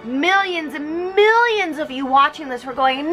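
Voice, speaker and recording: A woman's voice: sits high, animated, moderate pace, fairly bright tone, faint music behind, rough recording. A young woman, a bit tipsy, chatting sarcastically and jumping into silly voices as she retells a story. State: tipsy from drinking. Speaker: comedy vlogger.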